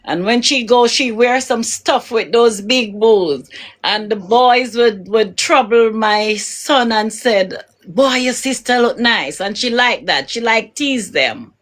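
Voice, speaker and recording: Slow-talking Jamaican woman, middle-aged. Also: fairly high pitch. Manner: unhurried storytelling with soft laughs. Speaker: interviewee, bereaved mother. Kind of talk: live-streamed interview.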